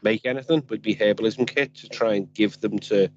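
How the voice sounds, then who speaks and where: A man's voice: lowish voice, fairly quick, slight background noise. A man playing a tabletop game, talking in a dry, matter-of-fact way. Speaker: player. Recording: dull lo-fi sound.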